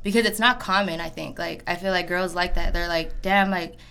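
A woman's voice: on the low side, a little fast, creaky, sharp tone, smooth. A young woman barber chatting casually, slangy and swearing freely. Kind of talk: casual chat.

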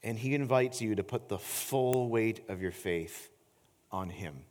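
With a long reverb trailing his words, a middle-aged pastor preaches in a church sanctuary. His anecdotes are energetic, his voice climbing high as he tells them, and he slows and quiets into sincere appeals.

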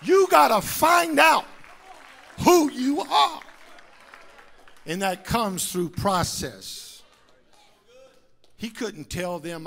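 High-voiced shouting preacher man. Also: lively intonation, takes it slowly, creaky, pauses often, some chatter behind. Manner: builds to shouting, preacherly whoops and cadence. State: coughing. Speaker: pastor. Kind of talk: sermon.

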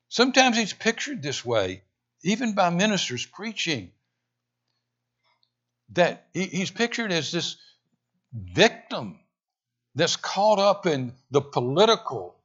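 A man preaches a sermon in a bright, husky voice, his pitch leaping about with animated emphasis. He swings from loud, pressing lines to hushed, intense ones. The recording sounds dull and muffled. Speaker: pastor.

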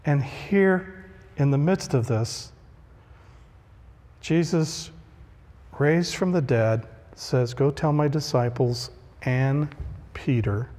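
A man's voice: mid-range voice, slow pace, long pauses, darkish tone. A man preaching a conversational sermon, acting out the voices he quotes. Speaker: pastor. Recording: long reverb of a large hall.

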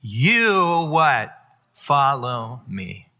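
Man doing a slow, firm, bright-toned teacher. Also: medium pitch, sing-song, long reverb tail, full character voice. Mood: gently firm.

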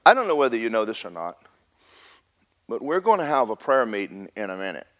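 A middle-aged man preaching a sermon as pastor, rising to a loud rhythmic peak and slipping in joking asides to the congregation. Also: on the low side, very animated, a little fast.

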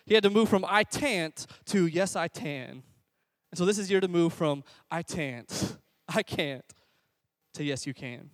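A man with a high-pitched voice preaching an energetic sermon as a youth pastor. He exhorts the congregation and leads them in call-and-response. The sound is dry and close. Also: no room sound. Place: church service before a congregation.

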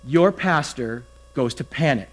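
A man's voice: mid-range voice, a little slow. A man preaching a sermon as a pastor, in a conversational, storytelling manner. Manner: conversational, animated storytelling with acted-out quotes.

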